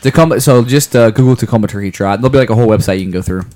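A man's voice: fairly low pitch, racing, a little mellow. A man on a podcast talking about his kids and running in a rambling, playful way, often restarting sentences. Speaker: podcast co-host. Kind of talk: casual chat.

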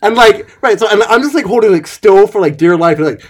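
A young man with a high voice tells stories about his father in a loose, giggly way. He leans hard on fillers and keeps laughing between lines. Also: lively intonation, fast. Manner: laughs often, lots of fillers like "like" and "right". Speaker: podcast co-host. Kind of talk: casual chat, storytelling.

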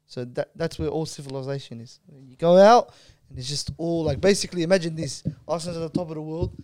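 A young Australian man telling a story in casual chat, animated and slangy. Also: a little high, fast. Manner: animated storyteller, slangy, says "bro" a lot.

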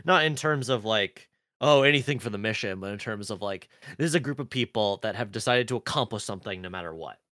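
A man's voice: fairly low pitch, animated, fast, pushed and bright, dry recording. Casual male podcast co-host, rambling delivery, dry close mic. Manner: rambling, many fillers and restarts. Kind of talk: casual chat recapping a TV episode.

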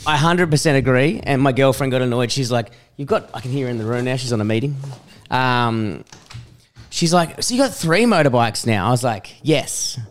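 Aussie bloke chatting on a podcast, swears a lot, smooth clear voice, mid pitch. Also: male voice, fairly quick. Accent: Australian. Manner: swears freely, animated storytelling with impressions. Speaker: podcast co-host. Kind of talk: casual chat.

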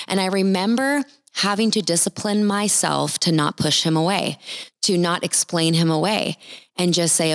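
An earnest woman preaching a sermon, slowing down to stress key words. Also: fairly low pitch, no echo, clean studio sound.

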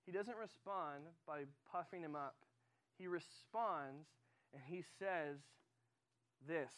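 A man's voice: fairly high pitch, takes it slowly, fairly bright tone, smooth. Casual man preaching to a youth group. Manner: casual, conversational, many fillers. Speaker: high school director. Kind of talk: youth sermon.

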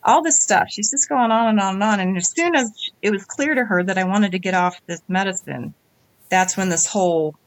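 A woman's voice: medium pitch, fairly quick, dry recording. Woman in her forties telling a story. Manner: animated, acts out other people's lines. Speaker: interview guest. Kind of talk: conversational storytelling.

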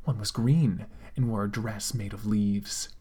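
A man dramatically reading fan fiction aloud, with deadpan asides. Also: fairly low pitch, unhurried, breathy edge. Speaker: comedic fanfic reader.

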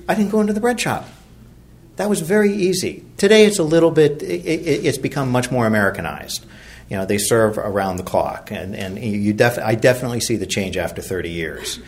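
A middle-aged man from Virginia sharing his recovery story at a meeting, rambling and self-deprecating, with many fillers and restarts. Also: medium pitch. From Virginia, USA.

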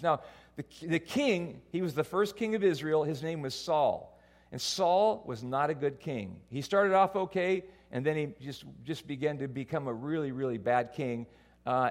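A man preaching a sermon to a church congregation, telling a personal story in an animated, self-mocking way. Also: a little high. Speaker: pastor.

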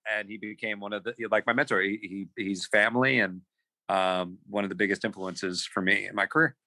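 A man telling a story as a podcast guest, animated, repeating words as he acts out quotes on a close mic. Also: lowish voice, fairly quick, dry recording, low-quality recording. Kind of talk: casual storytelling.

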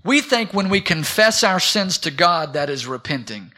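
A middle-aged man preaching a sermon in a church, rousing, calling for amens and swinging between loud and soft. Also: a little high, brisk, hardly any pauses. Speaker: pastor. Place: church sanctuary.

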